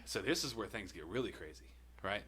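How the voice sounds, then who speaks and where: A man's voice: fairly low pitch, animated, fairly quick, sharp tone. A man on a podcast telling a personal story in a loose, rambling way, swearing often and laughing between lines. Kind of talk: casual storytelling.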